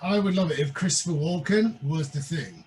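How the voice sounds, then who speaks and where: Lively high-voiced podcast host. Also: male voice. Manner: sweary, joking, quick to laugh. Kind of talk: casual chat over wine.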